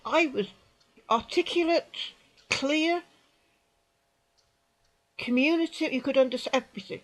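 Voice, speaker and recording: A British woman in her sixties, telling her own story to the camera in an emphatic, indignant way, repeating phrases and dropping into quiet asides. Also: high-pitched, measured pace, poor audio. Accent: British English. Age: 60s. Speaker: vlogger recounting an experience. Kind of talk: indignant personal account to camera.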